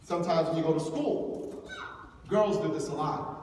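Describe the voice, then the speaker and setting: A man giving an animated lecture to young people, acting out the voices of the people he quotes. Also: fairly high pitch, a little slow, long pauses. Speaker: imam giving a youth lecture. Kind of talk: lively motivational lecture. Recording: echoey hall from far off, faint noise.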